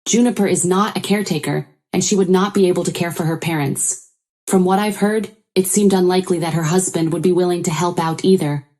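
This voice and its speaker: A woman narrating a first-person story in an even, measured way. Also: lowish voice.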